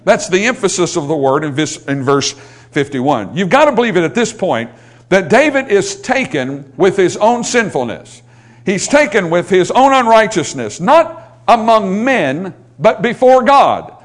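Man preaching a sermon in church, pretty high voice, gets worked up and pleading. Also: sing-song, moderate pace. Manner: preaching with rising intensity, quoting scripture in a pleading voice. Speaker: pastor.

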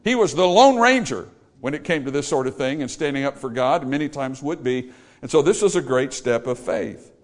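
A man's voice: medium pitch, moderate pace. A man preaching a sermon, storytelling and acting out the people he quotes. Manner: animated, acts out quoted voices.

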